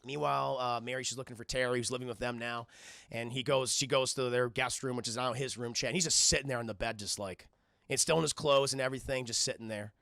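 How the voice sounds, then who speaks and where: A man's voice: mid-range voice, fairly even intonation, fast, gravelly, a bit bright, dry recording, clean studio sound. A man casually retelling and reviewing a cartoon episode for his live chat, rambling, swearing and restarting often. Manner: rambling, profane, keeps addressing the chat, frequent restarts.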